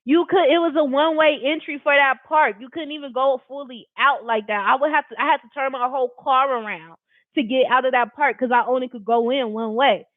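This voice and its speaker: A person from Long Beach, California telling a personal story to camera in an animated, emphatic, slangy and profane way, talking straight to viewers. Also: high-pitched, brisk, no room sound. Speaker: storyteller recounting a personal experience. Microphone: camera facing the speaker. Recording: dry, tinny phone-like sound.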